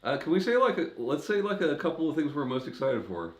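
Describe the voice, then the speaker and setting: A man's voice: fairly high pitch, sing-song, quick pace. A man co-hosting a casual podcast, easygoing, steering the topics and dropping dry jokes. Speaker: podcast co-host. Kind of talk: casual chat. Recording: roomy room echo.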